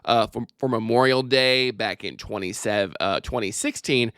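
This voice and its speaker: A man's voice: mid-range voice, a bit bright, smooth, dry recording, clean studio sound. A man in his thirties, a stand-up comedian guesting on a podcast over a remote call, joking and swearing casually. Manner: jokey, sweary, quick asides. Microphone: remote call microphone.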